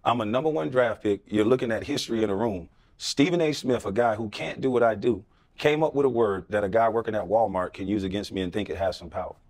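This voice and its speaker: A man's voice: lowish voice, fast, a little mellow. A middle-aged man, a former pro athlete, speaking bluntly and combatively as an interview guest, firing off rhetorical questions. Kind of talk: impassioned podcast interview.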